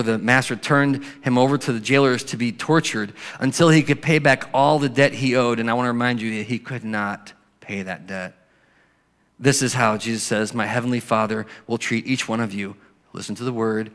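Man, pastor, sermon, conversational preaching, medium pitch, long hall reverb. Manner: conversational preaching, drops to soft slow scripture reading.

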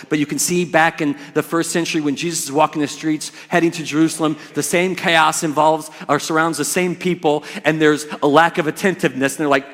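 A man preaching a sermon as pastor, emphatic and swinging from hushed words to loud ones. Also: fairly high pitch, brisk, hardly any pauses. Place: church. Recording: church hall reverb.

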